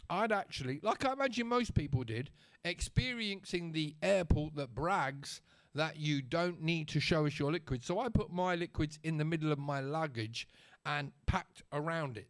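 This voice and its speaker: Man with a slightly raised pitch for a casual vlog rant, sarcastic and conversational. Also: expressive, normal speed. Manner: chatty and sarcastic, checks in with the listener. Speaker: vlogger.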